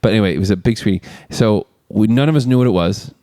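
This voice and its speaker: A man in his forties co-hosting a podcast, chatting casually and telling a lively story. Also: on the low side, fast talker, dry recording, clean studio sound. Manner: animated storyteller, laughs often. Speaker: podcast co-host. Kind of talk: casual chat.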